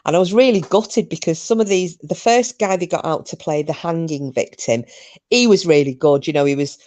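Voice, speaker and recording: A woman's voice: deep voice, fairly quick, mellow. A woman hosting a podcast, telling a story in a chatty, rambling way with frequent ums. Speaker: podcast host. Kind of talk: casual chat.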